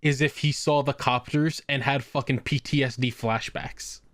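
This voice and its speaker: A man's voice: mid-range voice, moderate pace, dry recording. A young man co-hosting a podcast in casual, profane chat, telling stories with gusto. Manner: profane, animated storytelling. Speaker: podcast co-host.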